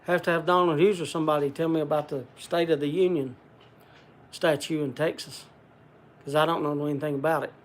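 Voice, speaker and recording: A man's voice: fairly high pitch, fairly even intonation, fairly quick. An older man hosting a casual livestream, rambling in a folksy country way and answering viewer comments. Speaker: livestream host.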